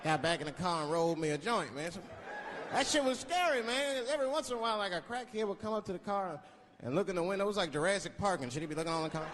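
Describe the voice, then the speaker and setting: A man doing stand-up, telling a profane story with animated asides. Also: sits high, very fast, in a large hall. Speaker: stand-up comedian. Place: comedy club stage. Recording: live club set with noisy audience. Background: audience laughter and chatter.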